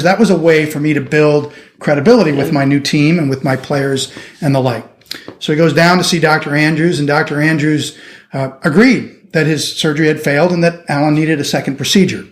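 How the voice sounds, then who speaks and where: A middle-aged surgeon from the United States telling a lively anecdote in an interview, acting out the people he quotes. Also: fairly high pitch. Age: 50s. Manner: animated anecdotal storytelling, acting out quoted voices. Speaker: orthopedic surgeon guest. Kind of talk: storytelling interview.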